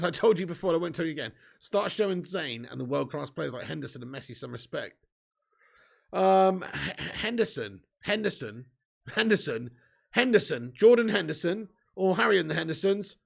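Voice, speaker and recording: A man hosting a live football watch-along, chatting excitedly with viewers, joking, laughing and swearing. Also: sits high, vocal fry.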